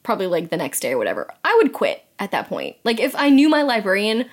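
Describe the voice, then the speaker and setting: A young woman co-hosting a podcast, chatting casually through an episode recap, with lots of "like" and a lively, storytelling manner. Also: mid-range voice, fast. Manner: chatty, animated storytelling with many "like"s. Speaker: podcast co-host.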